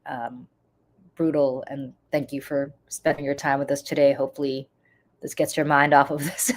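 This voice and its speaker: A woman with a congested voice, giving casual live-stream political commentary and chatting with viewers, with frequent ums. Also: a bass voice.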